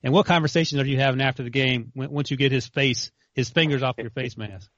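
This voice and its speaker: A man co-hosting a sports radio show who quickly asks eager questions. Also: medium pitch, a bit bright, dry recording, lo-fi sound. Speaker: radio co-host. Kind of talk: casual sports talk.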